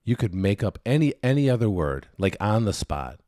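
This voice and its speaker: A man's voice: on the low side, big pitch swings, moderate pace, warm tone, no echo, studio quality. A man co-hosting a podcast in casual chat, ranting sarcastically and swearing freely. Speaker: podcast co-host.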